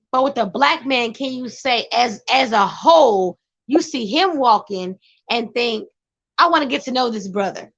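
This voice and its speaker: Woman vlogger, high and excitable, speaks in emphatic bursts; the recording is dull and lo-fi. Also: gravelly. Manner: emphatic, excitable, talks to her partner off-camera. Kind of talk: casual commentary.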